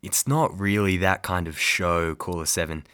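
Dry kiwi-born guy doing a radio host bit, lowish voice. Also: steady tone, normal speed, pushed and bright, clear, resonant tone. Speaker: comedian.

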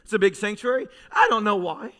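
High, bright-voiced fervent preacher man. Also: brisk. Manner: fervent, storytelling preacher who swings from soft to shouting. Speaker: pastor. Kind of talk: sermon. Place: church sanctuary.

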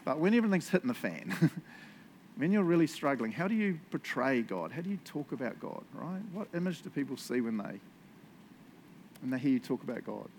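A man's voice: medium pitch, big pitch swings, a little fast, darkish tone, a little hiss or hum. A man preaching a casual sermon, chatty, with frequent laughs and tag questions. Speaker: pastor.

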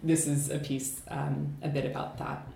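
A woman's voice: low-pitched, level tone, vocal fry, mellow, reverberant, a little hiss or hum. American woman reciting spoken word poetry. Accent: American, slightly shifted by living in Scotland. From United States. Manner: measured, rhythmic poetic delivery with deliberate slowing. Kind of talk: podcast chat, then spoken word poem performance.

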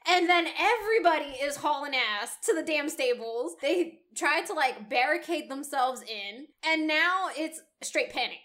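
A woman's voice: high voice, fairly bright tone. A woman in casual chat, animatedly recapping chapters of a novel, laughing often and swearing freely. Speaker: book club podcast co-host.

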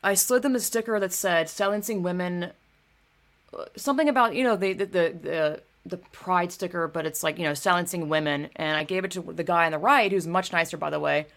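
A young woman hosting a casual livestream, speaking in a low, gravelly voice. She rambles, swears freely, and fills her pauses with ums and likes, like someone talking at her desk mic. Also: fairly bright tone. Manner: rambling, profane, filler-heavy. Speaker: livestream host.

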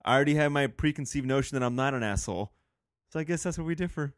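A man's voice: medium pitch, animated, quick pace, no echo, clean studio sound. A man co-hosting a show, talking in crude, rambling casual banter, swearing a lot and laughing often. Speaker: podcast co-host.

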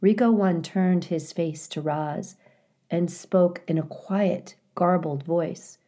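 A woman reads a children's novel aloud, taking her time over each line. Her voice sits low and her storytelling is slow and careful. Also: dark tone. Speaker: reader.

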